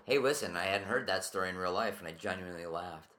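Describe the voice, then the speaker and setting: A man's voice: deep voice, fast talker, pushed and bright. A man hosting a casual chat, cutting in with joking, teasing remarks. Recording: echoey room.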